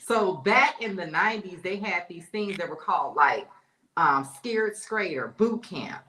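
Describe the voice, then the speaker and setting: Bright-voiced woman telling stories in an echoey room. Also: lowish voice, expressive, measured pace. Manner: storytelling, informal dialect. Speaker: panelist. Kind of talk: casual gossip chat. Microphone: remote call.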